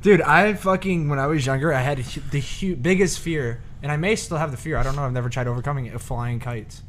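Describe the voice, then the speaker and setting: A man's voice: on the high side, fast, a little hiss or hum. A man co-hosting a podcast, telling loose stories in casual chat and laughing often. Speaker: podcast co-host.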